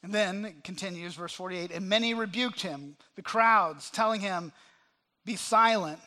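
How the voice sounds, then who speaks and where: A man preaching a sermon to a congregation, impassioned, swinging between loud cries and hushed asides. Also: sits high, normal speed. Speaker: pastor. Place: church sanctuary.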